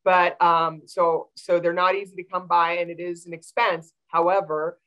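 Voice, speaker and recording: A woman's voice: fairly low pitch, flat delivery, moderate pace, rough recording. A woman veterinarian answering audience questions on a video call, explaining with many fillers. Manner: warm, explanatory, with frequent fillers.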